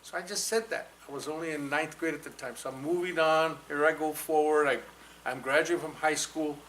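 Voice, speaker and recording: Bright-voiced storyteller man in his 60s. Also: a little high, a little fast, slight background noise, rough recording. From New Mexico, US. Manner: animated storyteller, switching into Spanish for quotes. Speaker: guest speaker. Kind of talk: storytelling talk at a fireside chat. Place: college event hall with audience.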